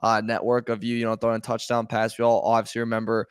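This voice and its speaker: A man's voice: medium pitch, monotone, fast talker, smooth, no echo, clean studio sound. A man co-hosting a sports podcast in a rambling way, full of fillers and restarts. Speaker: podcast co-host. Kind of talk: casual sports talk.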